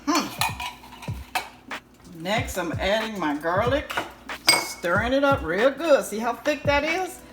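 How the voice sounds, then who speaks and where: A woman's voice: fairly high pitch, slow, pauses often, heavy background noise. Chatty woman cooking at home. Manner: chatty and animated, addressing viewers as y'all, playful exclamations. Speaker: home cooking channel host. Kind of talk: casual cooking demonstration. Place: home kitchen, stove sizzling. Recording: roomy kitchen sound with loud background music.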